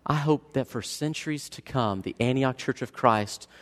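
A male pastor in his thirties giving a dynamic sermon, swinging between hushed and loud passages. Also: medium pitch, normal speed. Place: church sanctuary. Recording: long reverb of a church hall.

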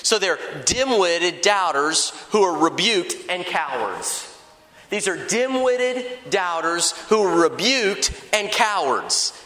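A man preaching a sermon in a conversational, lively way, acting out little dialogues. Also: high voice, takes it slowly. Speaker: pastor. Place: large church hall. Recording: echoey church hall.

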